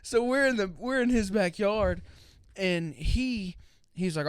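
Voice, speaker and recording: A man's voice: sits high, animated, takes it slowly, clear, resonant tone, dry recording, studio quality. A young man co-hosting a podcast, telling stories in a laid-back, drawling way and saying "dude" often. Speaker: podcast co-host. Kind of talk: casual storytelling chat.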